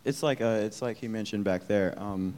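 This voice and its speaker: Young man, deep voice, halting casual testimony, faint room noise. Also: darkish tone. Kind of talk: sharing testimony.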